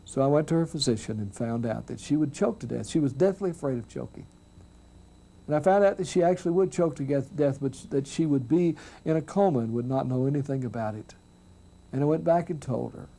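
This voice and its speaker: A man, a minister, giving a storytelling talk on death and grief, earnest and reflective, often dropping soft and quiet. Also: mid-range voice, a little fast, vocal fry. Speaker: minister speaking on hospice and grief.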